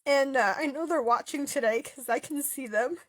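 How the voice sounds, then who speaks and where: A young woman telling a personal story through tears, halting and stopping often with fillers and pauses. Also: high voice, no room sound, studio quality. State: tearful, voice breaking. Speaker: author sharing a personal story. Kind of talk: emotional personal testimony.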